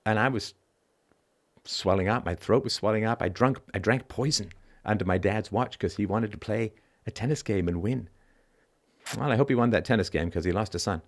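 A middle-aged man hosts a call-in show in a fairly low voice at a moderate pace. His conversational monologue is blunt and emphatic, full of casual swearing, and he keeps tacking "right?" onto his points.

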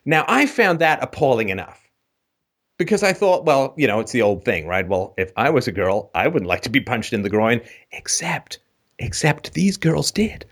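Animated English man telling stories. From England. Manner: animated, laughs often, jumps into a high voice for emphasis. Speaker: call-in show host. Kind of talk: anecdotal storytelling.

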